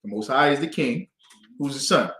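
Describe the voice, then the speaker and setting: Guy teaching bible class, lively up and down voice, fires questions at the class, echoey room. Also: medium pitch, moderate pace. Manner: quizzes the class and drives answers with emphatic questions. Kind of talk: call-and-response Bible class.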